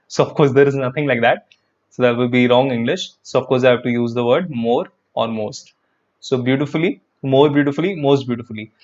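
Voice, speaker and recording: A man's voice: medium pitch, highs cut off. A man teaching an English grammar lesson online, chatty and repetitive, talking straight to his viewers and answering their comments. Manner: chatty, repeats words, talks to viewers.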